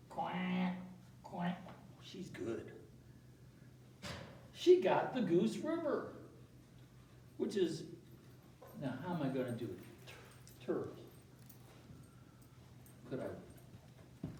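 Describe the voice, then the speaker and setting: A man's voice: fairly high pitch, dark tone, roomy sound, far from the mic, slight background noise, rough recording. A man teaching a playful, chatty geography lesson who keeps asking his audience questions. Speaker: science educator.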